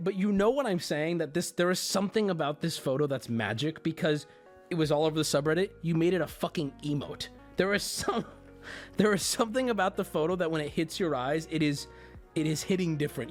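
A man's voice: high voice, expressive, fairly quick, soft background music. Profane streamer man chatting to his viewers. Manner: profane, rambling, talks straight to chat; keeps breaking into laughter. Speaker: livestream host. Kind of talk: casual livestream chat.

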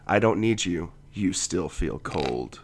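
A laid-back man co-hosting a comedic podcast, dry and wry as he talks. His voice sits on the low side, and he is getting over a cough. He reads aloud in the same easy tone. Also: animated, slow, breathy edge. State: has a lingering cough. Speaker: podcast co-host. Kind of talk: casual comedic chat and reading a poem aloud.

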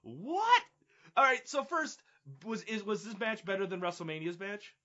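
Bright-voiced excitable man, podcast co-host. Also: sits high, fairly quick, dull audio. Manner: excitable, laughs often. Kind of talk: casual wrestling review chat.

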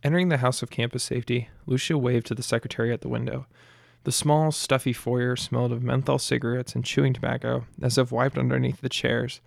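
A man reads a story aloud in a steady, plain way. His voice is heavily gravelly with lots of fry, and the recording is dry and close. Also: mid-range voice, brisk, no room sound. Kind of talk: audiobook narration.

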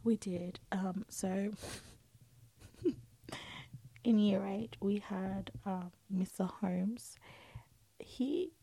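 A woman in a casual chat, often talking softly, near a whisper. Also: mid-range voice, drawn-out words, creaky, long pauses, breathy edge, no echo, poor audio. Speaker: podcast co-host.

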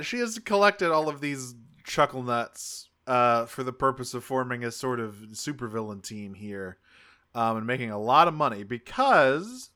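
Bright-voiced man recapping a cartoon. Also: medium pitch. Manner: rambling, self-correcting, swears casually. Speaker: podcast co-host. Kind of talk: casual chat recapping a cartoon episode.

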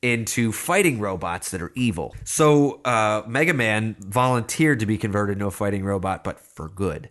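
A man's voice: on the low side, expressive, normal speed, hardly any pauses, fairly bright tone. A man co-hosting a podcast in casual chat, rambling and searching for his words, swearing now and then. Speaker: podcast co-host.

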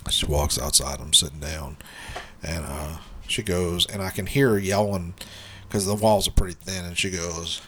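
A man's voice: sits low, brisk, fairly bright tone, a little hiss or hum. A man co-hosting a podcast, telling a rambling work story in casual chat, swearing often and laughing as he goes, with his allergies acting up. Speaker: podcast co-host.

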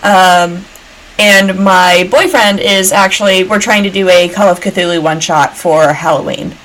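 A woman's voice: lowish voice, fairly even intonation, unhurried, a bit bright, poor audio. Chatty woman from Georgia. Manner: chatty, many fillers. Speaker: podcast guest. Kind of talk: casual chat.

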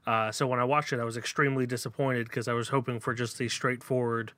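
Male podcast co-host, bright forward tone, dry close sound, chatty critic. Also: medium pitch, flat delivery, quick pace, no room sound. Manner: talkative, opinionated film reviewing. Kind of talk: casual chat.

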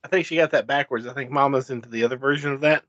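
A man's voice: mid-range voice, rapid-fire, fairly bright tone. A man joking around as a player during a group book reading. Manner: wisecracking, joking asides. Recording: dull audio with faint noise.

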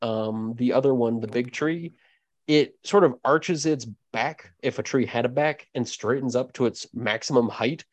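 A man's voice: mid-range voice, normal speed, no echo. A man narrating as game master of a tabletop game, casual and rambling with fillers. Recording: dull dry lo-fi mic.

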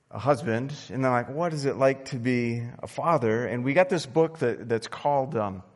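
A young adult man preaching a sermon as pastor, telling stories with animated bursts of excitement. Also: medium pitch. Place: church sanctuary. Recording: long reverb of a church hall.

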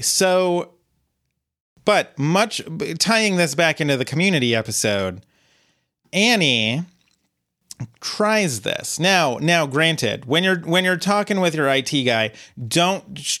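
Podcast co-host guy, crisp clear voice, rambly casual storyteller. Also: fairly high pitch, very animated, unhurried, bright, forceful tone. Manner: rambling storyteller with many fillers and restarts.

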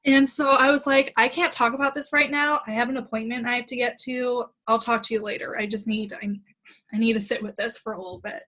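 A young woman with a fairly high voice tells a dating story on a podcast. She retells it in casual chat, slipping into the voices of the people she quotes and laughing as she goes. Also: a little fast, rough recording. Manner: animated retelling with quoted dialogue, laughs often. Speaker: podcast guest.

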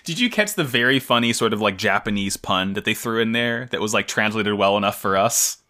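A man's voice: fairly low pitch, fairly quick. A man co-hosting a podcast, chatting casually with lots of laughter and playful enthusiasm. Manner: animated, laughing, jokey fan enthusiasm. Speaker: podcast co-host. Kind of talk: casual chat.

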